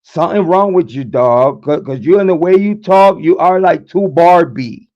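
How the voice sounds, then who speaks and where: Man, high voice, profane confrontational rant, stammering repeats, muffled lo-fi sound. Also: normal speed, a little mellow. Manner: repetitive, stammering restarts. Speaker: true crime channel host. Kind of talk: livestream rant. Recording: dull lo-fi sound.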